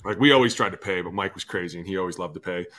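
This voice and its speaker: A man's voice: low voice, racing. A man co-hosting a football podcast, telling locker-room stories in casual chat and acting out what people said. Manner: animated storyteller, acting out loud quotes. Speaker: podcast co-host, former NFL lineman.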